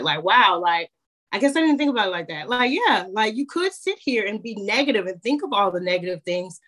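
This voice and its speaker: A woman guest speaking earnestly and from the heart in a casual interview, with plenty of fillers. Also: mid-range voice. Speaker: guest, content creator.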